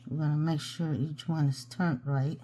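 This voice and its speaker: A woman's voice: low voice, steady tone, moderate pace, dark tone, a little hiss or hum. A woman hosting a hands-on craft tutorial, chatting casually and talking to herself as she works. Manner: chatty, talks to herself while working. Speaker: jewelry-making tutorial host.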